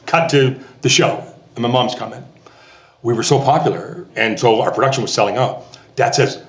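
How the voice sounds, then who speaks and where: A man's voice: lowish voice, a little fast, fairly bright tone, roomy sound, lo-fi sound. A middle-aged Canadian man, a theatre festival director, telling stories in a podcast interview and animatedly acting out the voices of the people in them.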